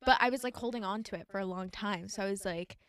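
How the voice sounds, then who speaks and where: A woman's voice: mid-range voice, quick pace, a bit bright. A young woman co-hosting a podcast, chatting casually and upbeat in a friend's bedroom, with lots of "like". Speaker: podcast co-host. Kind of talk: casual chat.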